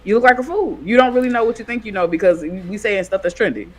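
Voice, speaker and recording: Lively co-host voice, average pitch, quick to act out other people in a loose podcast chat. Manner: animated, acts out quoted people. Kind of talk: casual commentary chat.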